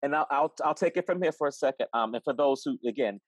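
A man's voice: medium pitch, quick pace, no echo, poor audio. A man hosting a live virtual interview, speaking with enthusiasm and affirming his guest, often repeating words. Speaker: host. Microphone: video call.

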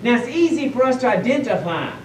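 Man preaching with a hush-and-swell delivery. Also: very high voice, big pitch swings, fast talker. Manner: dramatic swings between a full voice and hushed, near-whispered lines. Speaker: pastor. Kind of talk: sermon. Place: church sanctuary. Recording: echoey church audio taped from a distance, faint hum.

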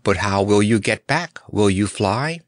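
A jolly, practical male circus clown with a chuckling, brisk way of talking, as a man voices him. The lines jump up and down freely, and the sound is close and dry. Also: fairly low pitch, lively intonation, no room sound. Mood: warm.

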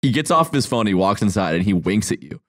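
A man's voice: on the low side, sing-song, quick pace, a bit bright. A man hosting a podcast, telling a story in casual chat, laughing and swearing as he goes. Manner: laughs through stories, swears often. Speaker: podcast host.

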